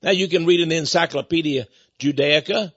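Man, high husky voice, emphatic dramatic lecturer who repeats himself, dull dry lo-fi tape. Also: brisk, a bit bright, no room sound. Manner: emphatic, repeats words, lingers on key phrases. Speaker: lecturer on religion.

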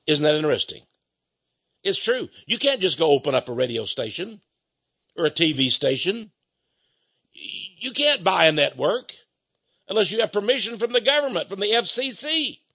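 A man hosting a radio ministry talk show, pitching a book and then commenting emphatically. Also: normal speed, creaky, long pauses, slightly rough, dull audio. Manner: emphatic, animated delivery.

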